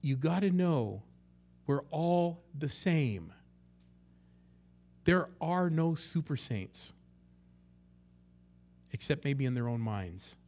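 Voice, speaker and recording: A male pastor preaching a conversational sermon, swinging between loud emphasis and hushed asides, and acting out quotes in character voices. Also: a little high, animated, slow, long pauses.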